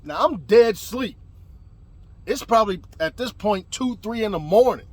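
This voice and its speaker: Brief: young male storyteller, high voice, lively and profane, casual delivery. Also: unhurried. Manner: animated, swearing, rising to shouts.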